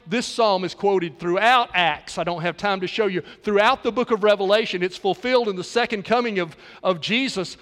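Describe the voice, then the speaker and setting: A man preaching a sermon, with dramatic pauses and shifts between loud and soft passages. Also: high voice. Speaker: pastor. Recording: long hall reverb.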